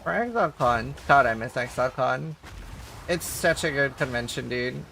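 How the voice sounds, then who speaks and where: A man's voice: medium pitch, expressive, normal speed, vocal fry, sharp tone, slight background noise. A man chatting casually and joking with viewers while streaming a game. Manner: joking, chatty, laughs often.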